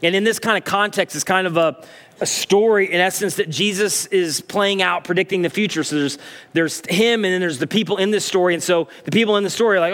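A man preaching a sermon as pastor, animated as he acts out puzzled listeners, then dropping to slow, low emphasis. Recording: long hall reverb.

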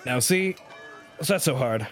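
Man playing a dry, grumbling tavern keeper, soft music under. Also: medium pitch, animated, moderate pace, close to an everyday voice. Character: fussy middle-aged tavern keeper man.

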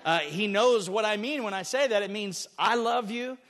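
Casting note: middle-aged male pastor, high voice, earnest sermon delivery with emphatic swells, church hall reverb. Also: normal speed, hardly any pauses, fairly bright tone. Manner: earnest, building to emphatic preaching.

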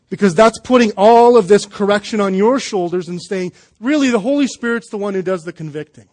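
A man's voice: high voice, a little fast, hardly any pauses, a little mellow. A man preaching a sermon at a church service in a loose, conversational way, with jokes and restarts. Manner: conversational, joking, with fillers and restarts. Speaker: pastor.

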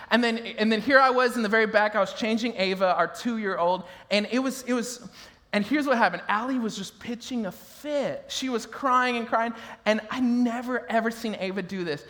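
A man in his thirties preaches to his congregation in a notably high voice. He tells family stories with easy humor and often breaks into laughter. His words ring out through a large, reverberant hall. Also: moderate pace. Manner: animated storytelling, laughing with the crowd. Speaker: pastor. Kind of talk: sermon.

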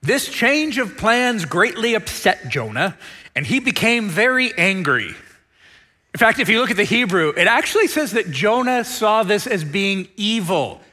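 Animated male pastor in a reverberant hall. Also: high-pitched, measured pace. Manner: animated, jokey storytelling with laughs. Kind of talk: sermon.

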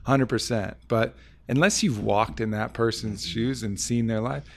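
A man's voice: medium pitch, measured pace, vocal fry. A man in casual podcast conversation, talking reflectively with many fillers and restarts.

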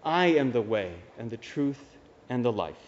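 A male Dominican priest gives a conversational homily with wry asides. His voice is mid-pitched, with a long reverb from the church around him. The recording is dull and lo-fi. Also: very animated, moderate pace.

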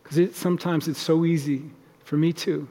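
Pastor guy giving a casual sermon, kinda high voice, big echoey church hall. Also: steady tone, normal speed, warm tone. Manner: conversational, acts out little example dialogues.

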